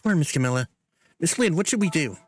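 Un homme qui prête sa voix à un petit chien mâle fidèle et excitable, en lisant les dialogues d'un jeu vidéo. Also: male voice, brisk, slight background noise, natural voice. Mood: excited. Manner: excited high yelps. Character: eager little male dog, loyal and excitable. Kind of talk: reading a game's dialogue aloud.

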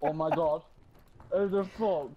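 A young man in casual, excitable game chat, swearing and laughing often. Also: fairly high pitch, a little slow, highs cut off, slight background noise. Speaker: gamer.

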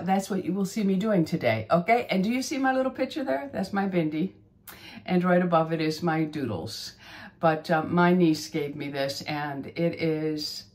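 A woman in her fifties, a beauty channel host, chatting casually and rambling through a story. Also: fairly low pitch. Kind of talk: casual chat.

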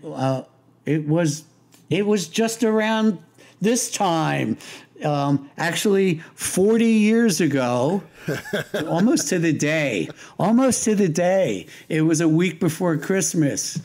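A man's voice: a little high, darkish tone. An older man, a guest in an interview, telling stories in a loose, rambling way with restarts, fillers and wise-guy humor. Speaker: interview guest, lighting designer. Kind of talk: casual anecdotal storytelling.

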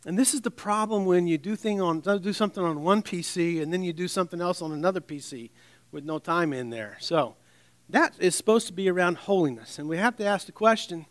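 A man preaches a sermon conversationally, fairly quickly, with wry asides and restarts, and his voice drops soft and low when he reads scripture. There's no echo.

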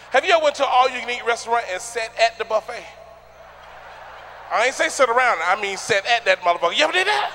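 A man doing a stand-up comedy routine on a theater stage, loud and boisterous, acting out people with shouts and sounds. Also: very high voice, lively intonation, fast talker, slight background noise.

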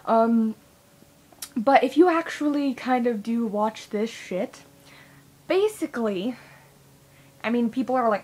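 A woman's voice: fairly high pitch, animated, measured pace, pauses often, a little mellow, slightly rough. Rambling, swearing young woman vlogger. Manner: rambling, heavy swearing, filler-laden. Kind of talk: rambling casual vlog.

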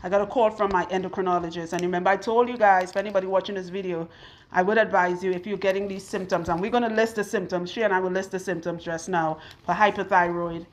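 A woman's voice: medium pitch, fairly even intonation, fast. A woman chatting with her viewers while she works on a client's hair, now and then out of breath. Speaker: loctician vlogger. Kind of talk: casual chat while working on hair. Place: hair salon in a home.

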